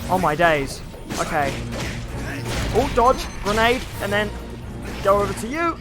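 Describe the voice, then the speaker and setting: A young man streaming a video game, chatting casually and excitably with lots of filler words as he plays. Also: high-pitched, a little slow. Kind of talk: live gameplay commentary. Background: faint game music.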